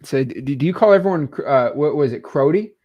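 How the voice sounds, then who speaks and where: A man's voice: on the high side, animated, fast talker, lo-fi sound. Laid-back young man coaching on a call. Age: 20s. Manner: laid-back, teasing, with many fillers. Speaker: wholesaling coach hosting a live call.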